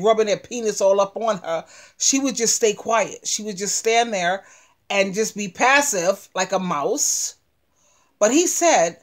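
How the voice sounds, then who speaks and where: A middle-aged woman giving casual, emphatic commentary as a relationship advice vlogger, acting out sassy retorts. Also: on the high side. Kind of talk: casual commentary on a played clip.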